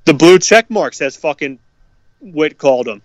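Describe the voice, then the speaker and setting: A fired-up man with a fairly high voice goes off in a profane, heated sports rant. His voice is close and dry, with no room around it. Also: expressive, normal speed, dry recording. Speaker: podcast co-host.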